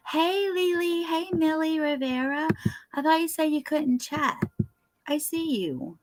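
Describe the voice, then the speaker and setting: A woman's voice: high-pitched, expressive, no room sound. A tired young woman, hosting a casual livestream chat and greeting viewers by name. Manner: greets chatters by name, chatty and unhurried. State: tired, yawning. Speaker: livestream host.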